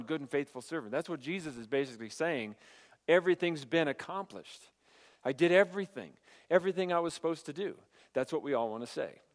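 Guy preaching, tells stories and acts out the lines, long hall reverb, mid pitch voice. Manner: animated storytelling, acts out dialogue. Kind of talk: storytelling sermon.

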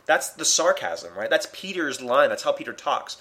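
A man of ordinary pitch makes his case in a relaxed conversation. He argues in long, unbroken runs and often restarts his phrases midway. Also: normal speed. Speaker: podcast co-host discussing comics. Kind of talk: casual chat.

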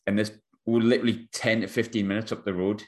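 Talking fast in a fairly low voice, this young man hosts a podcast and spins a funny story. The chat is casual and slangy, and he laughs a lot as he animatedly tells it.

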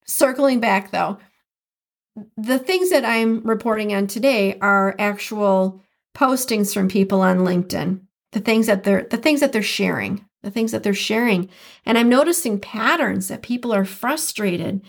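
A woman hosting her own podcast and talking alone, earnest and reflective, drawing out key words slowly for emphasis. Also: mid-range voice, expressive, gravelly. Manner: earnest, reflective, speaks with slow emphatic stresses. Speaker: podcast host. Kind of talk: solo podcast commentary.

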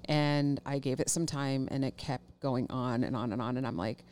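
A woman with a strikingly deep voice for her sex tells a story in a loose podcast chat. She swears casually and laughs as she goes. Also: normal speed, a little mellow, slight background noise. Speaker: podcast co-host.

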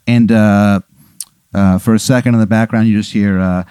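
A man running a tabletop game as game master, narrating in an animated, rambling, profane way. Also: lowish voice, moderate pace, clear, resonant tone, no echo, studio quality. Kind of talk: improvised storytelling of a tabletop game.

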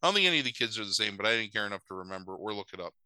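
Male host, casual movie recap, sarcastic and profane, bright edgy tone. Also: fairly low pitch, animated, very fast, clear, resonant tone, dry recording, rough recording. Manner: profane, sarcastic, does voices.

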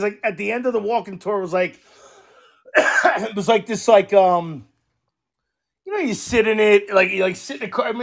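A middle-aged man with a high, gravelly voice talks on a podcast. He swears freely and laughs through his stories. The talk is loose and joking. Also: a bit bright. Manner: profane, laughing storyteller. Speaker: podcast co-host. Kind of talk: casual comedic chat.

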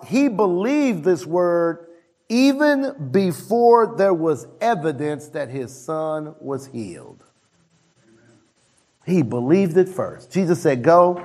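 A man delivers a sermon in a slightly higher voice. He leans hard on key phrases, drawing them out slowly, and his pitch jumps up sharply to drive each point home. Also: a little mellow. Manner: emphatic, slowing on key phrases and swinging his pitch high for emphasis. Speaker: pastor.

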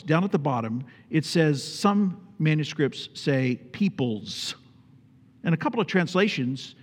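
A man's voice: high voice, long reverb tail. A man preaching a sermon as pastor, emphatic, repeating phrases for stress and putting questions to his congregation.

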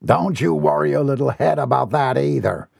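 A man's voice: medium pitch, moderate pace, darkish tone, no room sound, studio quality. A man reading aloud and voicing a wealthy older villain who talks down to a woman with smug condescension. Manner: smooth, patronizing.

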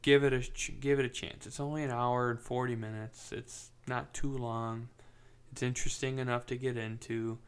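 A man's voice: mid-range voice, little pitch movement, moderate pace, clean tone. A young man casually retelling a film plot as a vlogger, rambling, swearing often and laughing at his own telling. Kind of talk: casual movie recap.

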